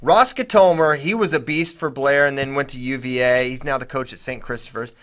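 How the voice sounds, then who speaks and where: A man co-hosting a casual sports podcast, talking in quick bursts and getting emphatic when he makes a point. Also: mid-range voice. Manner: animated, rising emphatically when making a point. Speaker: podcast co-host.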